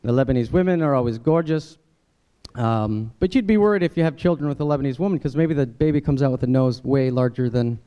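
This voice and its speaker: A man's voice: fast, dark tone, clean tone, lo-fi sound. A man doing a stand-up comedy set at a dinner event, talking in a conversational way and breaking into exaggerated voices for the people he quotes. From United States. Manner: conversational, jumps into high-pitched character voices for quoted people. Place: dinner event hall, live audience.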